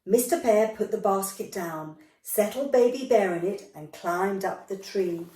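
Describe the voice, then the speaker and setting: A woman with a medium-pitched, mellow voice takes her time reading a picture book to young kids. She voices the characters with more energy and chats between pages, recorded in an echoey room at some distance from the mic.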